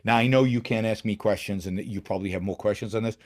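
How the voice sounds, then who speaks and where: Fast and fairly even in intonation, this fairly low male voice belongs to a middle-aged solo political commentary host. He talks emphatically, with frequent restarts and repetitions.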